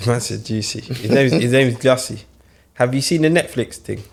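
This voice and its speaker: Brief: male podcast panelist, mid-pitched, leading the conversation onward. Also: normal speed, creaky. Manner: trying to steer the talk to the topic.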